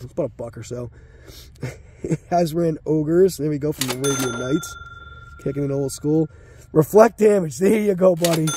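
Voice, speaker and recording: Middle-aged man, casual pack-opening chatter, slightly high and warm. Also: slight background noise. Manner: laid-back and slangy, calls viewers man and dude. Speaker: card pack opener. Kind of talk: casual commentary while opening packs.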